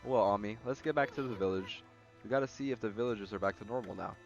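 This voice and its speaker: A man's voice: lowish voice, fast, dull audio. A young man streaming a game, chatting loosely and telling stories with plenty of swearing. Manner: loose, profane storytelling. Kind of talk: casual gaming chat. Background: faint game music.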